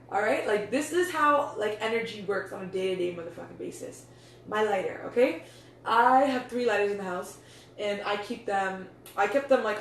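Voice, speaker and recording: A woman's voice: medium pitch, distant mic. Chatty, swearing young woman, echoey room. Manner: loose, chatty, swears freely, says "like" and "yo" a lot. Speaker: meditation coach. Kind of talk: casual vlog talk. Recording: echoey room, voice off-mic, faint noise.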